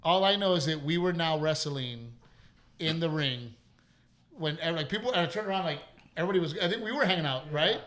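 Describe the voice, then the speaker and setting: A middle-aged man from Texas, hosting a podcast and telling stories in an animated way, laughing often and swearing. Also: fairly high pitch, brisk. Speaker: podcast host. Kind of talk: casual chat.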